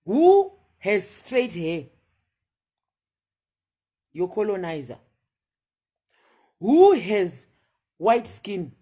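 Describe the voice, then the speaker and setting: A woman's voice: mid-range voice, sing-song, very slow, pauses often, warm tone, slightly rough. A woman giving a passionate monologue of social commentary, firing off rhetorical questions and switching between English and Shona.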